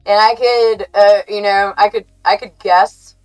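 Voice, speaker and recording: An American woman hosting a livestream, chatting to her viewers in a rambling, halting way that keeps correcting itself and breaks into giggles. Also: mid-range voice, fairly even intonation, soft background music, rough recording. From United States. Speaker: livestream host. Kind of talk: casual stream chat to viewers.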